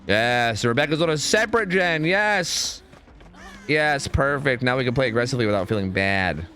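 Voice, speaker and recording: A man streaming a game, chatting excitedly and swearing as he talks to his teammates and viewers. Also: medium pitch, normal speed, a little hiss or hum. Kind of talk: live gameplay commentary.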